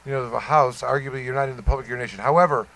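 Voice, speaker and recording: A man's voice: mid-range voice, fairly even intonation, racing, a bit bright, poor audio. A man hosting a casual podcast, teasing and joking with his co-hosts. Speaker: podcast host.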